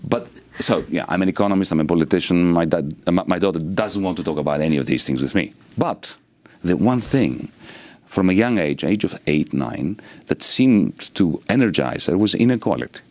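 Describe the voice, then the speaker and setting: A man's voice: sits low, lively intonation, moderate pace, darkish tone, no echo. A middle-aged man from Greece with a Greek accent, an economist answering interview questions in an expansive, lecturing way. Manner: expansive, lecturing with sweeping rhetoric. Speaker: economist and politician guest.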